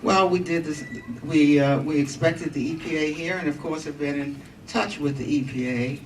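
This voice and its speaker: A woman hosting a community meeting as a congresswoman, giving formal opening remarks into a handheld microphone, halting and pausing with fillers. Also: low voice, darkish tone. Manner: formal, halting delivery with frequent pauses and fillers. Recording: distant mic, noisy meeting room.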